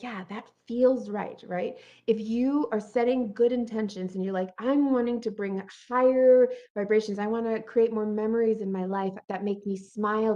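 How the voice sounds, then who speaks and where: A woman speaking at a mid pitch in an earnest, encouraging motivational talk, often checking in with a quick "right?" Now and then she jumps up in pitch to act out her inner thoughts. The recording sounds muffled and lo-fi. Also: darkish tone.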